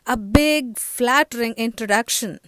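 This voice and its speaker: A woman's voice: on the high side, a bit bright, clean tone, dry recording. Emphatic woman preaching a sermon. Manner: storytelling preacher with emphatic, slowed phrases. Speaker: pastor.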